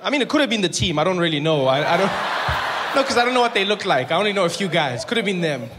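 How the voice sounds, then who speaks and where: A young man with a South African accent doing animated stand-up comedy on a club stage into a handheld mic. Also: high-pitched, very fast. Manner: animated, acts out characters. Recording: live show with clear noise.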